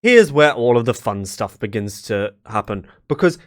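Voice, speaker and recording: A man's voice: mid-range voice, sing-song, moderate pace. A young man narrating a tabletop game as dungeon master, loose and full of fillers. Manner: loose, with many fillers and restarts.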